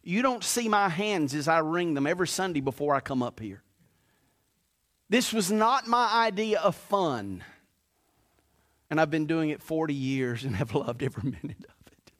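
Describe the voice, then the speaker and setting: Male pastor, middle-aged, fairly high voice, preaching with storytelling restarts and emphatic pushes. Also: expressive, normal speed, fairly bright tone. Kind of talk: sermon.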